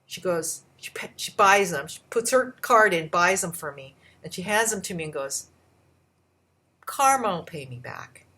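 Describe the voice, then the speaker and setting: A woman vlogger telling a personal story in a casual, animated way, her voice jumping up when she acts out what people said. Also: normal speed, hardly any pauses. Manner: animated retelling with shifting pitch and pace.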